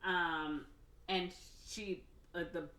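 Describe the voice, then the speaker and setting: A woman's voice: lowish voice, steady tone, extremely slow, sharp tone, slight background noise. A woman podcast co-host casually retelling a film plot in a rambling way, full of "like" and "or whatever" and acting out the characters' lines. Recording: roomy echo, mic off at a distance.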